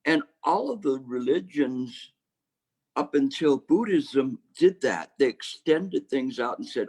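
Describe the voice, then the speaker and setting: A man teaching meditation, giving a Dharma talk in a reflective, halting way with many restarts. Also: medium pitch, expressive, a little mellow, husky.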